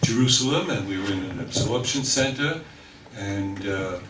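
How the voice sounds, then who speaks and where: Older New Yorker spinning a wry tale. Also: male voice, fairly low pitch, animated, moderate pace, noisy background. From New York. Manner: wry storyteller, mimics voices in quotes. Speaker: speaker telling stories. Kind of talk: humorous anecdote for a live audience. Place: talk hall with audience. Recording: echoey room from far off.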